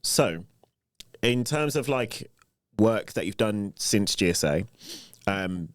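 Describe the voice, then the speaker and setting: Low-voiced podcast host. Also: male voice, expressive, takes it slowly, clean tone, dry recording, studio quality. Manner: loose questions with many "like" fillers. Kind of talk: casual podcast interview.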